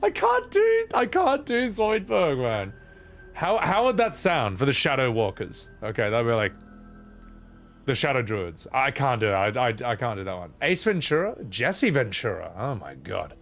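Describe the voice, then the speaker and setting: Gravelly, animated streamer. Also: male voice, medium pitch, moderate pace, soft background music. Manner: swearing, laughing, joking with chat. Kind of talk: casual live-stream chat.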